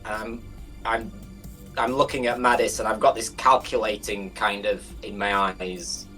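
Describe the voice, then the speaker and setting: A man's voice: fairly low pitch, level tone, measured pace, sharp tone, faint music behind. Hesitant man playing a tabletop game. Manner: hesitant, restarting questions. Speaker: player. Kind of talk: tabletop role-play chat.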